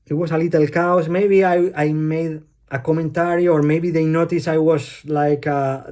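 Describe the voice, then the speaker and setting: A man's voice: on the high side, fairly even intonation, moderate pace, darkish tone. A man with a Spanish accent, a native Spanish speaker, rambling bluntly through a casual monologue and swearing offhandedly.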